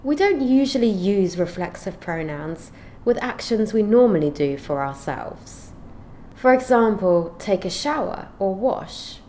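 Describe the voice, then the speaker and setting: A woman teaching an English grammar lesson, explaining clearly and reading out example sentences in a measured way. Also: medium pitch, lively intonation, mellow, slight background noise.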